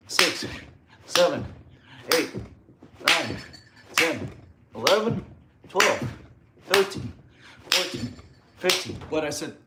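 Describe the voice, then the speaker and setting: A man's voice: a little high, very noisy. A man chatting casually on a fitness livestream in a laid-back, slangy way, getting out of breath as he counts push-ups. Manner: laid-back slangy talk, calls viewers bro. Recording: echoey room.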